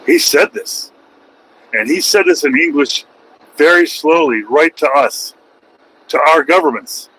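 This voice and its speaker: A man's voice: on the high side, animated, measured pace, long pauses, fairly bright tone, slight background noise, rough recording. A man, a truck driver vlogging from his cab, talking in a rambling, opinionated way with wry asides. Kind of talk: casual rambling monologue.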